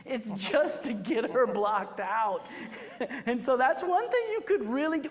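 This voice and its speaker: A woman teaching a photography workshop to a live class, chatty and animated, acting out little quoted exchanges. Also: fairly high pitch, measured pace. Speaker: photography instructor. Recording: reverberant hall recording.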